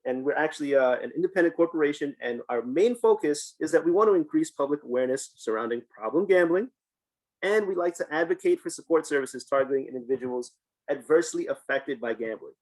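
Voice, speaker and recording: A man's voice: on the high side, lively intonation, fast, darkish tone, rough recording. A man, a community program team leader, giving a casual presentation over a video call and posing rhetorical questions. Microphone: video call microphone.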